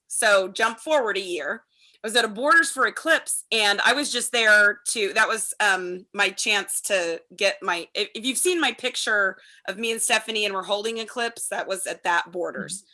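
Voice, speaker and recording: A woman hosting a casual group chat, telling rambling stories with quick bursts and restarts. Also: medium pitch, bright, forceful tone. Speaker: podcast host.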